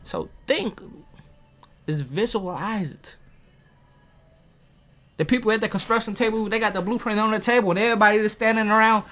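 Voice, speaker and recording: A man's voice: high voice, moderate pace, long pauses, a bit bright, faint music behind. A man giving a casual motivational talk to camera from a table, preaching and throwing rhetorical questions at his viewers. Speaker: motivational video host. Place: at a table, self-filmed.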